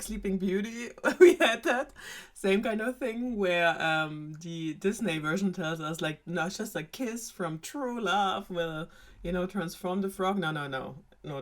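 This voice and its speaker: A young woman retells an old fairy tale in a loose, sarcastic chat. She swears freely and laughs often, and her voice sits a little low. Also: fairly bright tone. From Germany. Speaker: storyteller host.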